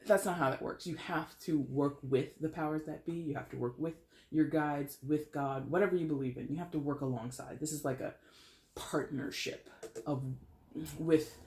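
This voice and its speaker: A man giving a casual tarot reading, chatty and animated, swearing now and then. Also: a little high, gravelly, reverberant. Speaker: tarot reader.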